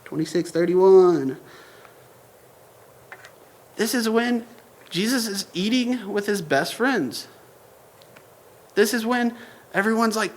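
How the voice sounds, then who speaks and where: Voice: mid-range voice, slow pace, long pauses. A young adult preacher giving a casual sermon with a slangy, joking delivery. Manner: informal and joking, slangy asides. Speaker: church preacher.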